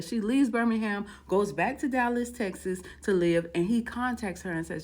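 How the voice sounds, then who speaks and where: A woman telling a story in a casual storytime style, animated and slangy, acting out each quoted line. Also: mid-range voice, fairly quick, hardly any pauses. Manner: slangy, relaxed phrasing. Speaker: vlogger.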